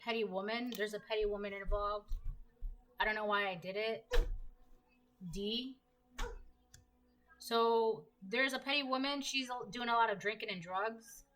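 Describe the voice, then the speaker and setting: Bright-voiced woman doing tarot reading. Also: medium pitch, measured pace, pauses often, slight background noise, poor audio. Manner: repetitive, conversational, reads cards aloud. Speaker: tarot reader. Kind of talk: casual collective tarot reading.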